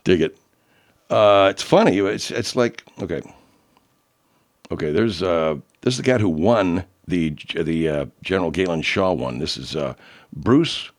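A man's voice: sits low, expressive, a little slow. A man hosting a show, chatting casually and loosely while he plays listener clips, swearing freely. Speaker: show host playing listener submissions. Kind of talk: casual chat.

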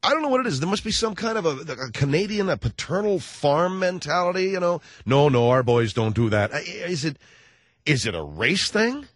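Lively sarcastic male radio host. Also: sits high, brisk, dry recording, clean studio sound. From United States. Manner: riffing, sarcastic, opinionated. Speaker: radio talk show host. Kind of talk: comedic talk radio monologue.

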